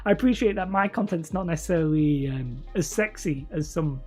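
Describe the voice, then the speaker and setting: A woman's voice: deep voice, animated, a little fast, warm tone, faint music behind. A woman with a slight lisp, hosting a rambling live stream and chatting to viewers. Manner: rambling, self-correcting, laughs often. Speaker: host streaming live and reading chat. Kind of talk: casual livestream chat.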